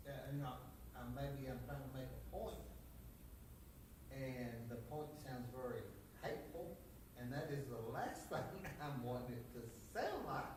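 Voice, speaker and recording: A man's voice: mid-range voice, animated, measured pace. Plainspoken middle-aged man in a church group talk, recorded from afar in a noisy echoing hall. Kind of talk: casual group discussion. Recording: echoey room, distant mic, noisy.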